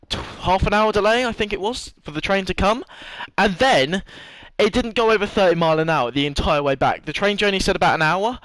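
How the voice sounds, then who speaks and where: Young vlogger, chatty and profane, a touch high-pitched, dry close sound. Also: male voice, fairly bright tone, no room sound, poor audio. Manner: rambling, swears freely, laughs often. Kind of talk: casual storytelling monologue.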